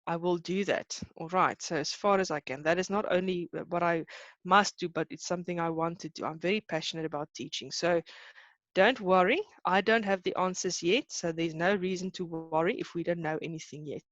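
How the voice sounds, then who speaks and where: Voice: mid-range voice, a little fast, a bit bright, no room sound. Teacher, live online class, hesitant, reassuring, muffled lo-fi sound. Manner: hesitant, many fillers, reassuring tone.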